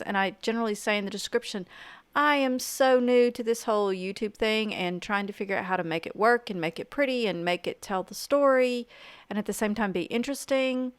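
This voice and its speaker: A middle-aged woman teaching art journaling in a casual, chatty voice-over, enthusiastic and quick with self-deprecating asides. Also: medium pitch, clean tone, dry recording. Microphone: home voice-over mic.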